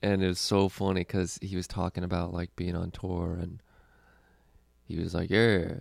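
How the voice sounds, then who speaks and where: A man's voice: low-pitched, completely flat delivery, normal speed, creaky, a little mellow, dry recording, clean studio sound. A young adult man, a comedian hosting a podcast, telling stories in a rambling, profane way and laughing often. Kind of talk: casual podcast chat.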